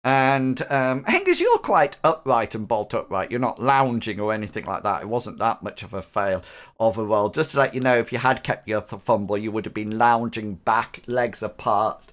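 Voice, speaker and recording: A man's voice: fairly low pitch, sing-song, normal speed, a bit bright. A man narrating as game master for a tabletop game, rambling with lots of ums and likes. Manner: rambling, filler-heavy, laughs easily.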